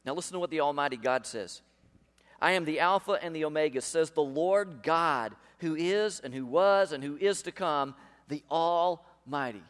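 A man's voice: fairly high pitch, moderate pace, a bit bright. A pastor preaching a sermon to his congregation, emphatic and full of rhetorical questions. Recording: long hall reverb.

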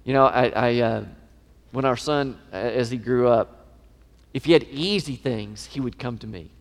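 A middle-aged man preaching a sermon, emphatic and animated, his voice swelling in pitch and volume. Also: normal speed. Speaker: pastor. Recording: long reverb of a large hall.

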